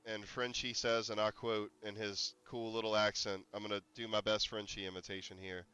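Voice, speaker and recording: A man's voice: fairly low pitch, level tone, normal speed, pushed and bright, smooth, highs cut off. A man streaming a game, chatting casually and rambling, breaking into laughter and startled yelps. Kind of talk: casual gameplay commentary.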